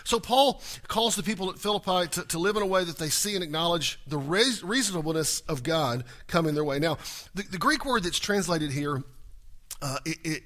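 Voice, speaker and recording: A man preaching a sermon, asking rhetorical questions and swinging between hushed lows and loud emphatic peaks. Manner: frequent restarts and stumbles while explaining. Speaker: pastor.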